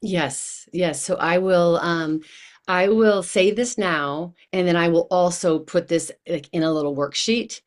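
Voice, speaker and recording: A woman guest on an interview show, talking in an animated, enthusiastic way and acting out the voices she quotes. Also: fairly low pitch, unhurried. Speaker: guest, coach. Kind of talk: casual interview chat.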